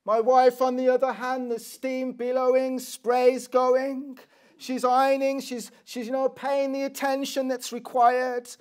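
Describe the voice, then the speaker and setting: A man's voice: extremely high pitch, monotone, measured pace, clean tone. A middle-aged man preaching a sermon, earnest and posing rhetorical questions to the congregation.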